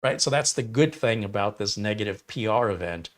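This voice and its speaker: A man with a somewhat low voice hosts a casual livestream from a home studio. He rambles and gives blunt opinions, reading viewers' chat comments aloud and answering them in a loose, conversational way. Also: lively intonation, a little fast. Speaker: livestream host reviewing mini PCs.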